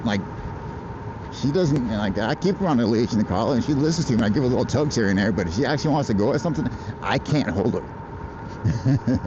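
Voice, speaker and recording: A man's voice: medium pitch, animated, brisk, dull audio, noisy background. An American man livestreaming outdoors, chatting casually in a rambling, profane way and laughing often. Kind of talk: casual live-stream chat. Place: outdoors in traffic on a bike.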